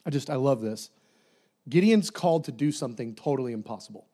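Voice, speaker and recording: A man preaching a sermon, animated, acting out voices and dropping to near-whispers for emphasis. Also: mid-range voice, a little fast. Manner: dynamic, swinging from loud to soft near-whispers.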